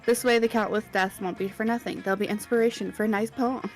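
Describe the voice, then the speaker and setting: A woman's voice: a little high, fairly even intonation, fast talker. A woman streamer narrating a story game live in a playful, joking way.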